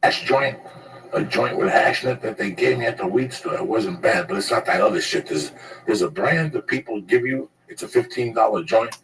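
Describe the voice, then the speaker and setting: A man's voice: on the low side, expressive, moderate pace, gravelly, fairly bright tone, distant mic, low-quality recording. A man telling a rambling, profane story in casual chat, laughing at his own tale.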